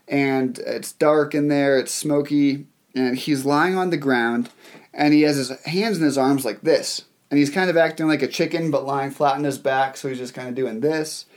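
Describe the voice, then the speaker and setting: A young adult man preaching a sermon, telling a story in an animated way with fillers and restarts. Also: on the high side. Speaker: pastor.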